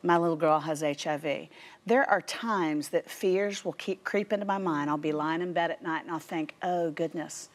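Lively Southern woman in her fifties. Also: low-pitched, normal speed. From Tennessee. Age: 50s. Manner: animated storyteller who quotes voices. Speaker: guest author. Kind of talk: faith talk show conversation. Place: TV studio.

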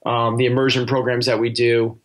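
A man appears as a coaching guest on a podcast, speaking a little fast in a medium-pitched monotone. In this casual interview he's earnest, often restarting sentences and using fillers.

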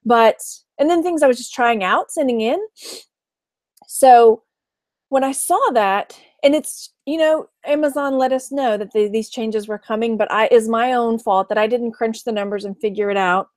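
A woman's voice: on the high side, normal speed, a little mellow, dry recording. Chatty, laughing woman vlogger from Texas. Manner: chatty, laughs often, imitates her mom. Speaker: online reseller vlogger. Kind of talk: casual chat to camera.

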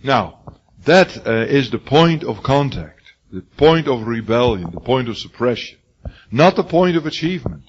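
An older man with a raw, hoarse voice lectures a class in an emphatic, repetitive way, restarting his sentences often. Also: mid-range voice, big pitch swings, normal speed. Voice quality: husky. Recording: dull lo-fi classroom recording.

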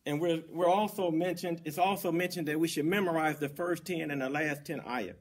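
A man serving as imam, giving a Friday sermon in a mosque, emphatic and repetitive, rising for stress and then dropping low. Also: a little fast, slightly rough.

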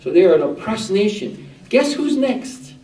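A man's voice: high voice, very animated, normal speed, dark tone. A man giving a religious talk to a group, often putting questions to the listeners. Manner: rhetorical questions to the audience. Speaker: religious teacher. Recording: echoey room, voice far from mic.

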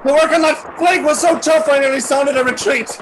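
A man plays a hot-headed Irish army captain, high-pitched and blustering. He talks in agitated bursts. Gunfire crackles steadily behind him. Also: steady tone, fairly quick. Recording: battle sound effects behind.

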